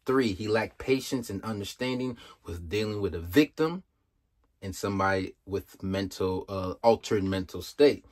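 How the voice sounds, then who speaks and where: A man's voice: fairly low pitch, normal speed, darkish tone. A young man giving casual, emphatic commentary, exasperated and full of rhetorical questions.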